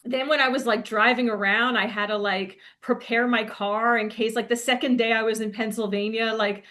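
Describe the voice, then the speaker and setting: A woman's voice: fairly high pitch, steady tone, moderate pace, bright, forceful tone. A young woman telling a rambling, laughing story in a casual monologue, full of fillers. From New Jersey. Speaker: spiritual coach.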